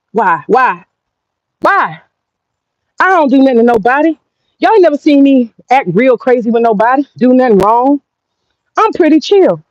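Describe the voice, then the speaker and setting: Brash, profane high-voiced woman streamer. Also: a little mellow, no echo. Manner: brash, profane, laughing, talking straight to viewers. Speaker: streamer and commentator. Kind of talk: casual gossip commentary. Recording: dull lo-fi dry sound.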